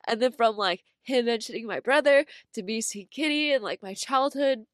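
A young woman co-hosting a podcast, telling a story in a casual, animated way with lots of filler words and laughter. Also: a little high, normal speed, no echo, clean studio sound. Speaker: podcast co-host.

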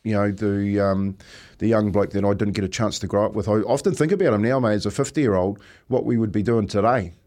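A man with a New Zealand accent, a former teammate talking casually on a podcast. He speaks in a reflective, halting way, often says "mate", and laughs as he tells stories. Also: fairly low pitch, darkish tone. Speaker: former rugby teammate, guest.

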